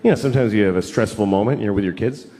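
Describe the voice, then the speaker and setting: A man performing a stand-up routine, moving from calm talk about parenting into indignant, loud rants. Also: on the low side, racing. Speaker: stand-up comedian. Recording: echoey live club sound. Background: audience laughter.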